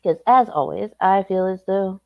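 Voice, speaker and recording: A woman with a Southern US accent, hosting a stream and chatting casually with relaxed, playful asides. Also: mid-range voice, moderate pace, gravelly, phone-quality sound. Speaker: streamer host.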